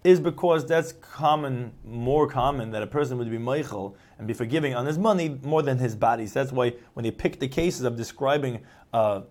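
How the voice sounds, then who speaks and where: A man's voice: medium pitch, normal speed, darkish tone. A man giving a Talmud lesson. He translates each phrase into plain English and acts out the quoted replies by changing his tone. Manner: explains each phrase in English after reading it. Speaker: Talmud teacher. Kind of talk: Talmud lecture.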